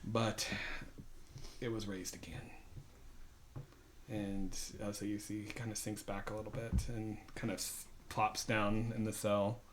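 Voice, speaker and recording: A man's voice: lowish voice, monotone, moderate pace, few pauses, a little hiss or hum. A man narrating a tabletop game as dungeon master, rambling with fillers and restarts.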